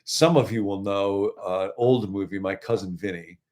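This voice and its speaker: Man, middle-aged, pastor, low voice, conversational devotional livestream. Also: normal speed. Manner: warm conversational teaching with asides to viewers. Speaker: pastor and co-host.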